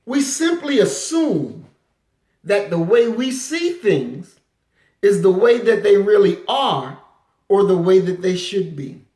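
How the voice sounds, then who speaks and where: A woman giving an impassioned lecture, forceful and animated, slipping into acted quotes. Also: medium pitch, slow. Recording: roomy echo.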